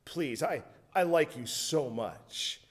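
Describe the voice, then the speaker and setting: A man's voice: a little high, animated, slow pace, husky, heavily acted. A man voicing a young man who keeps pleading for a goodnight kiss. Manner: wheedling, pleading.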